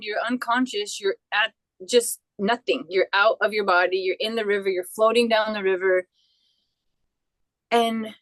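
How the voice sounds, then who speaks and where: Lively female guest with a higher voice who tells stories with restarts and acts out the other people in them, recorded dry and close. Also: dry recording, low-quality recording. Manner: animated, acts out quoted voices, frequent restarts. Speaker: interview guest. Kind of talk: personal storytelling.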